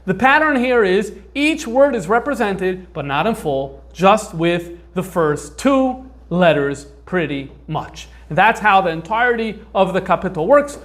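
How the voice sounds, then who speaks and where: High-voiced man lecturing with many fillers. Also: expressive, unhurried, hardly any pauses, a bit bright. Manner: conversational, thinks aloud with frequent fillers. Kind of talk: informal lecture on manuscripts.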